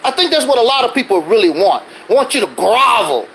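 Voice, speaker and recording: A man's voice: very high-pitched, big pitch swings, brisk, vocal fry, few pauses, fairly bright tone, a little hiss or hum, poor audio. A man hosting a livestream, ranting defensively in a casual monologue full of rhetorical questions. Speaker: livestreaming channel host.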